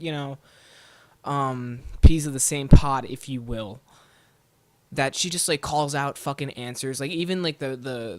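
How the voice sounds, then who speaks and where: A man's voice: mid-range voice, no echo. A young adult man hosting a podcast, ranting casually in a profane, rambling way and saying "like" constantly. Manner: profane, rambling, heavy use of "like". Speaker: podcast host. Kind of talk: casual solo rant.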